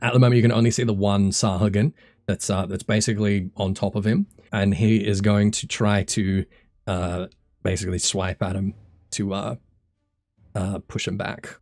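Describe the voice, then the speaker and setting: Low-voiced man running a tabletop game. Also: normal speed. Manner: relaxed, hesitant, many fillers. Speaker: dungeon master.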